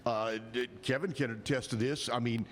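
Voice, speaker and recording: A Texan man hosting a live backyard show, folksy and teasing, laughing easily. His voice sits at a middling pitch. A long reverb trails each phrase. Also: steady tone, moderate pace, fairly bright tone, a little hiss or hum. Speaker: stand-in host. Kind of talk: casual live talk show. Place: outdoor backyard bar stage.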